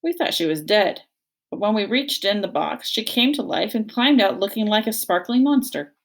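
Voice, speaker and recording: A woman's voice: medium pitch, expressive, normal speed, lightly acted. A woman voicing a friendly, chatty female otter.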